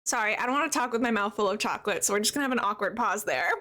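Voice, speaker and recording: A woman's voice: medium pitch, animated, racing, sharp tone. A young adult woman streamer chatting casually with her viewers, greeting them by name and laughing often. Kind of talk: casual live-stream chat.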